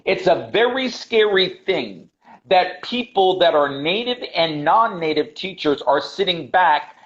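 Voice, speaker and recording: Expressive and unhurried, a high-voiced American English teacher makes his case as an interview guest on a video call, repeating points for emphasis and calling the host "brother." His tone is fairly bright, though the call audio is dull and lo-fi.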